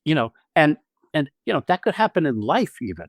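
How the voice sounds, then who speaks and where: A man's voice: fairly high pitch, big pitch swings, brisk, no echo. A man co-hosting a podcast on acting, explaining technique in casual chat, blunt and profane, stressing points and restarting phrases. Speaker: podcast co-host and acting teacher.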